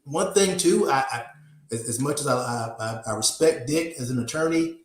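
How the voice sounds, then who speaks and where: A man, a defense attorney guest on a podcast, giving measured legal analysis and often repeating words as he thinks. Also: mid-range voice, animated, roomy sound.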